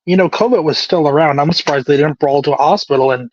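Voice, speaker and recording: Joking man with a slightly high voice. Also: fast, no room sound. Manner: joking, laughs through his lines. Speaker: podcast co-host. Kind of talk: casual wrestling recap chat. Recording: dry, dull lo-fi recording.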